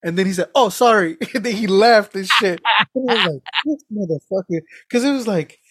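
A man on a casual podcast, telling animated stories with lots of swearing and laughter. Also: high voice, quick pace, slightly rough, no room sound. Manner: animated storytelling, heavy swearing, frequent laughs. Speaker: podcast co-host.

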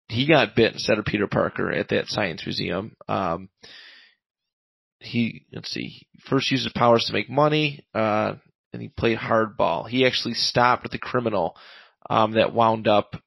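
A man with a gravelly, fry-edged voice talks through a comic plot in a loose, rambling way, stopping often on ums and uhs. He sounds close and dry, with no room around him. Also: on the low side, unhurried, dry recording, highs cut off. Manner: rambling recap full of fillers, paraphrasing lines. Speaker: podcast co-host reviewing comics. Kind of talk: casual chat recapping a comic.

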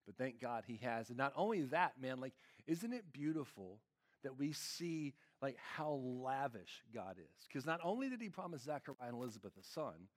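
A man's voice: mid-range voice, big pitch swings, moderate pace. A man preaching a conversational sermon as lead pastor, casual and earnest, peppering his talk with fillers.

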